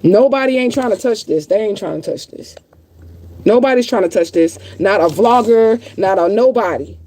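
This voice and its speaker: A woman's voice: medium pitch, expressive, normal speed, mellow. A woman livestreaming to her viewers, upset and close to tears, talking bluntly with lots of profanity and repeating herself for emphasis. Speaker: livestreaming vlogger. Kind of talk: emotional livestream rant to viewers.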